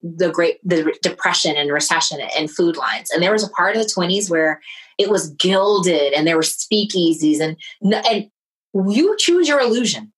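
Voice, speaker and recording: A woman with a fairly low voice tells a personal story in a relaxed, chatty way. She is lively and expressive and slips into the voices of the people she quotes. She sounds middle-aged. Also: normal speed, husky, poor audio. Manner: animated, acts out quoted voices. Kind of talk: casual storytelling chat.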